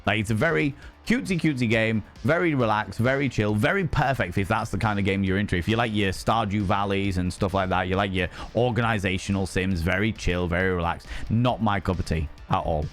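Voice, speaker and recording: A man's voice: fairly low pitch, a little fast, hardly any pauses, faint music behind. A man casually chatting on a live stream, reading chat aloud, swearing freely and slipping into cheeky put-on voices.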